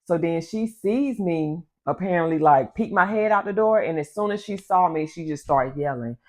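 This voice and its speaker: A woman vlogger telling a personal story in a casual, animated way, talking straight to her viewers. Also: on the low side, normal speed. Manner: animated, addresses the audience as y'all.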